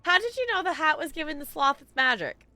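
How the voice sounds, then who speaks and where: A woman's voice: high-pitched, big pitch swings, fast talker, pushed and bright, soft background music. A woman streaming a game, chatting bubbly and casually with her viewers as she plays. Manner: bubbly and chatty, talks to chat. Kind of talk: live gameplay commentary.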